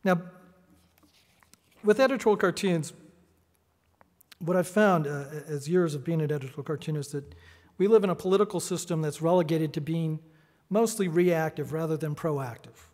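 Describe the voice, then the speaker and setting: A man's voice: on the high side, moderate pace, long pauses, a little mellow. Middle-aged male speaker, punchy and sardonic, podium mic, long hall reverb. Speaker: editorial cartoonist giving a talk. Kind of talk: prepared speech. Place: large hall.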